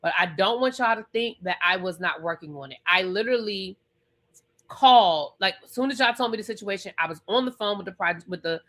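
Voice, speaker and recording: A woman imitating an apologetic woman who explains herself in a lower, soft, pleading voice. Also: lively intonation, fairly quick.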